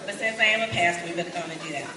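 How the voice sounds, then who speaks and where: Brief: woman pastor, 40s, Kentucky accent, lively and folksy, noisy hall recording. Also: lowish voice, very fast. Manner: lively, folksy, calls out to the crowd. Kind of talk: conference sermon. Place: large conference hall. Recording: echoey hall, distant and noisy.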